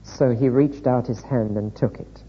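A man preaching a sermon, reading scripture aloud in a measured, deliberate way. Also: mid-range voice, steady tone, warm tone, slightly rough. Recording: echoey hall, dull lo-fi sound.

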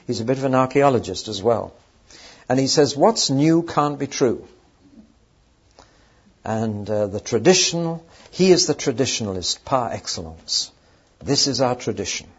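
Man teaching a bible passage, chatty, asks the crowd stuff, husky voice, muffled lo-fi recording. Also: medium pitch, expressive, moderate pace. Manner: conversational, asks the audience questions. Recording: dull lo-fi recording.

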